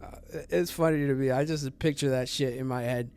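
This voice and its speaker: A man's voice: mid-range voice, steady tone, a little fast, a little mellow, slight background noise. A man hosting a true crime channel, talking casually in a rambling, profane way full of fillers. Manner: rambling, profane, full of fillers, laughs at his own jokes.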